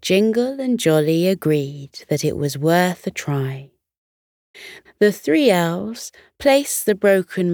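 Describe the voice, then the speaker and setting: A woman narrating a children's bedtime story in a slow, soothing reading manner. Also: lowish voice, darkish tone, no echo, clean studio sound.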